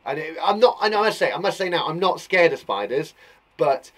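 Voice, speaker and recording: Bubbly english guy teaching little kids, highish voice, bounces all over the place. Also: brisk. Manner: bubbly and animated, reading out kids' work. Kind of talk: lively children's lesson.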